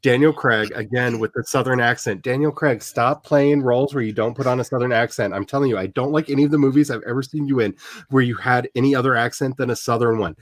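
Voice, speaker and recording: Male host, casual chat, animated rambler, mid pitch, dry close sound. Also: fast talker, no echo. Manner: animated, rambling with many fillers.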